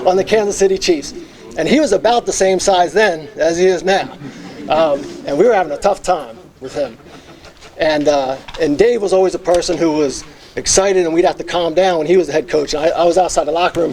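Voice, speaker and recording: His pitch fairly high and his tone darkish, a middle-aged man earnestly accepts a hall of fame honor. He used to be a teacher and football coach, and he reminisces with many filler words.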